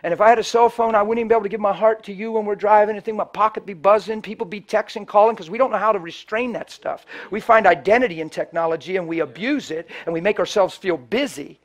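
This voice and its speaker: A man with a high voice preaches by telling a story. He shifts between loud, emphatic lines and hushed, near-whispered passages, and he acts out the people he quotes. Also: quick pace, hardly any pauses, highs cut off. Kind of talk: storytelling sermon.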